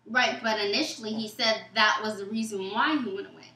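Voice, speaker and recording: Bright-voiced woman telling a story, echoey room. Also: mid-range voice, fairly quick. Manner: animated, acts out quoted texts and dialogue; casual, informal speech. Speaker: guest. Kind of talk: storytelling in a Q&A chat.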